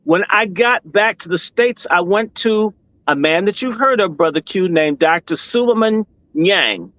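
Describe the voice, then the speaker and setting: A middle-aged man from Washington, D.C., a guest telling a story in an impassioned, profane way, with sudden loud outbursts. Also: high voice, lively intonation, unhurried, no echo. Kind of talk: storytelling in a discussion. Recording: dull, slightly lo-fi dry sound.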